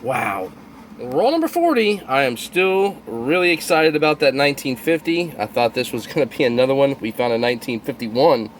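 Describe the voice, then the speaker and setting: A man's voice: mid-range voice, lively intonation, moderate pace, few pauses, a little hiss or hum. A man narrating his coin roll hunt with thrilled exclamations to his viewers. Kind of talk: excited hobby video narration.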